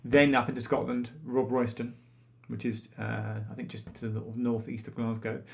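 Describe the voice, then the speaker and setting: Guy co-hosting a quiz stream, chatty and rambly, pokes fun at himself, middle-pitched voice. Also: level tone, normal speed, gravelly. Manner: chatty, rambling, self-mocking. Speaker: quiz co-host. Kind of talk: casual live-stream chat.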